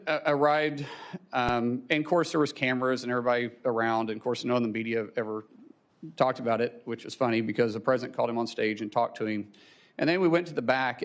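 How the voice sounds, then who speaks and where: A middle-aged man testifying at a hearing, telling a personal story in a halting way with many restarts, emotional and close to tears. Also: medium pitch.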